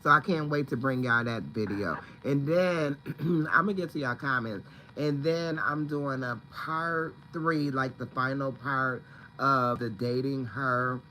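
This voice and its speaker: A man's voice: mid-range voice, unhurried, bright, forceful tone, slight background noise, low-quality recording. A man chatting casually on a home livestream, rambling and greeting viewers by name. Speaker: livestream host. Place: at home, indoors.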